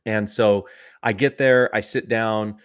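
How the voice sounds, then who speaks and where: A man in his thirties, a podcast co-host, telling a story in an animated, sarcastic way and laughing at his own stories. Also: lowish voice, takes it slowly, smooth. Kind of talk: casual chat, storytelling.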